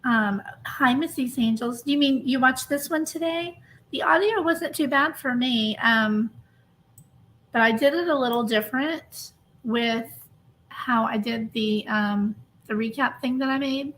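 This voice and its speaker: A woman hosting a true crime livestream, chatty and a bit hurried, sounding emotionally drained as she greets viewers by name. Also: fairly high pitch, fairly bright tone, a little hiss or hum. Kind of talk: casual livestream chat.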